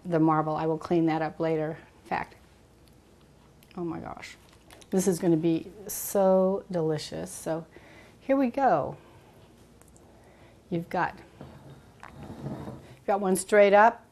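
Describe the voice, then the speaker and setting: A woman's voice: on the low side, steady tone, measured pace, pauses often, a little mellow. A middle-aged woman hosting a casual cooking demonstration in a kitchen, chatty and enthusiastic, thinking aloud as she works. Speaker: cooking show host.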